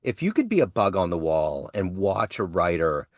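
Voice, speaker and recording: A man's voice: low voice, big pitch swings, moderate pace, no room sound, studio quality. A man hosting an interview, asking loose, rambling, conversational questions. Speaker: interview host.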